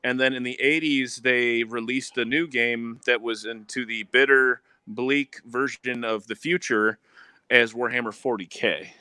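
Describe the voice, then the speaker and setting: Guy cohosting a gaming stream, super bright smooth voice, swears a lot, dry close mic. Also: mid-range voice, unhurried, dry recording. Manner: animated, profane storytelling. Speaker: stream co-host. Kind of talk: casual gaming chat.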